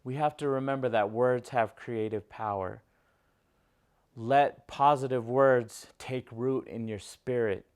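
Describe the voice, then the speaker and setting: Slow, smooth-voiced male preacher. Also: mid-range voice, steady tone. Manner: emphatic, repetitive, asks the congregation questions. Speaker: pastor. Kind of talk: sermon.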